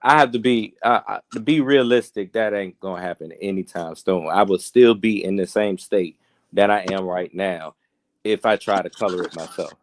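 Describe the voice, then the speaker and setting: A man with a low voice tells a story at an easy, rambling pace while co-hosting a casual podcast. His voice sounds dry and close, with no room echo. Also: normal speed. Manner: laid-back, rambling storyteller. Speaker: podcast co-host. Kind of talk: casual chat.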